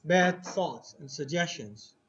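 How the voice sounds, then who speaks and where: A man with a fairly high voice teaches a classroom lesson at an unhurried pace. He keeps asking his students questions and has them repeat words back. The recording is dull and lo-fi, with a faint hiss underneath. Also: animated, fairly bright tone, breathy edge. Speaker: Arabic teacher.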